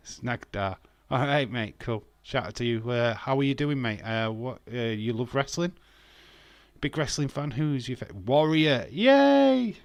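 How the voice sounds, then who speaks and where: Man, mid-pitch, self-mocking live-stream host, dry close mic. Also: measured pace, no room sound. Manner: chatty and self-mocking, laughs often. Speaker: streamer hosting a wrestling watch-along. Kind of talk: casual live-stream chat with viewers.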